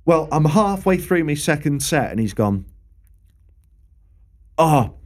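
A young man telling stories from his gigs in a casual podcast chat. He is animated and sweary, and he acts out the hecklers and bar staff he quotes. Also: fairly high pitch, moderate pace. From England. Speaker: podcast co-host and gigging musician.

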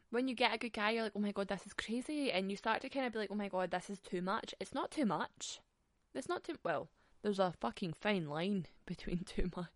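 A woman's voice: mid-range voice, no echo. A young Scottish woman hosting a podcast on her own, talking frankly and swearing freely, with frequent laughs. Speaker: podcast host. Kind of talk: casual solo podcast chat.

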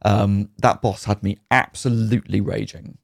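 A man's voice: lowish voice, fairly even intonation, moderate pace, creaky, no room sound. A man co-hosting a casual podcast chat, talking in a rambling, enthusiastic way about games with frequent ums. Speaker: podcast co-host.

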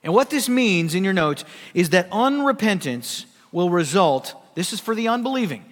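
A man's voice: high voice, very animated, moderate pace. A middle-aged man preaching a sermon, conversational and emphatic, building to urgent questions. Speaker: pastor. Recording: long reverb of a large hall.

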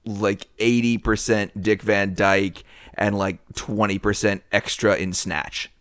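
A man's voice: lowish voice, flat delivery, takes it slowly, a bit bright, clear, resonant tone, no echo, studio quality. A man co-hosting a casual film podcast, joking, laughing often and reading lists from his notes. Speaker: podcast co-host.

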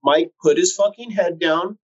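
A man's voice: high voice, a little slow, dull audio. Chill guy rambling about growing weed, swears a lot, lots of ums and dudes, does little voices for people in his stories. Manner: profane, laid-back, lots of fillers; acts out quoted voices. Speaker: cannabis breeder guest. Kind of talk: casual storytelling chat.

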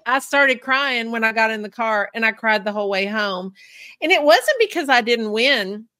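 A woman's voice: a little high, expressive, normal speed, sharp tone, dry recording, clean studio sound. A woman hosting a podcast, chatting casually with a guest and laughing often. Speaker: podcast host.

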